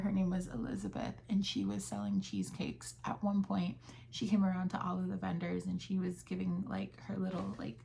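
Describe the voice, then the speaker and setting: A young woman chats casually about her crochet business, retelling conversations with plenty of fillers. Her voice is mid-pitched with a gravelly fry running through it. Faint noise sits behind her. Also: warm tone. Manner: chatty, with fillers and quoted dialogue. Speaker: crochet vlogger. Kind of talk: casual chat.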